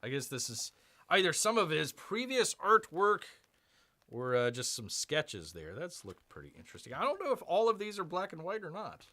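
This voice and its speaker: On a casual live stream, a man who calls himself Bear rambles and mocks himself while unboxing comics and reading chat. His voice runs on the high side with huge swings in pitch, delivered at a moderate pace in a pushed, bright way.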